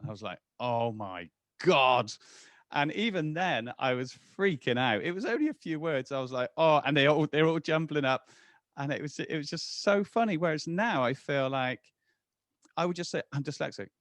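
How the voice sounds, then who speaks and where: Animated man in his forties. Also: on the high side, brisk, no echo. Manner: animated, restarts often. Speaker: guest. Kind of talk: casual interview chat.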